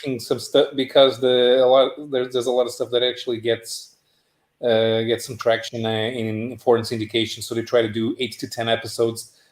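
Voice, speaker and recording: A man's voice: mid-range voice, completely flat delivery, normal speed. Man explaining at length, echoey room. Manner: long explanations with many restarts. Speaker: podcast panelist. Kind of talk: casual chat.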